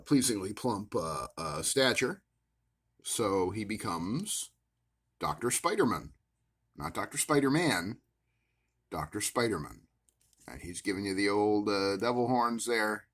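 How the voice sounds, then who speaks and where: Rambling low-voiced man, full of "uh"s. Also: fairly bright tone. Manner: rambling, many "uh" fillers, wry self-amused asides. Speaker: action figure collector vlogger. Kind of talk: casual rambling show-and-tell. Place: at his worktable at home.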